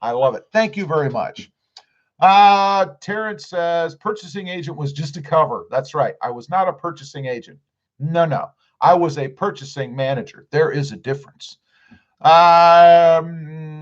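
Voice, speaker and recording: A middle-aged man hosts a relaxed live stream, reading chat comments out loud and joking back at them. His voice sits a bit high and moves all over the place. The audio sounds dull and lo-fi. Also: unhurried. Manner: chatty, jokey, reads comments aloud. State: clearing his throat.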